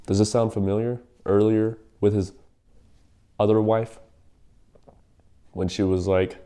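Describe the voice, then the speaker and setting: A man's voice: lowish voice, a little slow, pauses often, warm tone. A young man casually retelling a Bible story in a rambling, slangy way, with lots of fillers.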